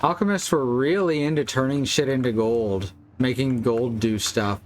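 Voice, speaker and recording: A male streamer talks casually through a horror game. He drops wry, joking asides at a middle pitch. Faint noise hums behind him. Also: moderate pace. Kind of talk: let's-play commentary.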